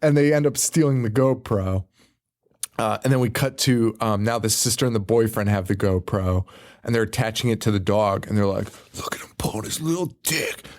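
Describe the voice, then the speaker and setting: A man's voice: on the low side, fairly even intonation, moderate pace, darkish tone. A man co-hosting a horror podcast, rambling through a profane, laughing recap of a film and acting out its lines. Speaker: podcast co-host. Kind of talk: casual profane movie recap.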